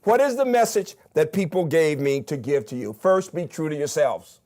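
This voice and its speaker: An older Southern man delivers a commencement address with eager emphasis. His voice sits a little high for a man, and he ticks off his points one by one. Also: expressive, normal speed, darkish tone. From Birmingham, Alabama. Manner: emphatic, enthusiastic, counts off points. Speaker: commencement speaker, university president.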